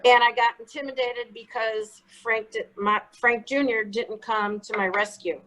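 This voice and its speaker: A woman telling her own story in an interview, blunt and animated, swearing freely as she acts out what was said. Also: on the high side, a little slow, rough recording. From Chicago. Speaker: guest.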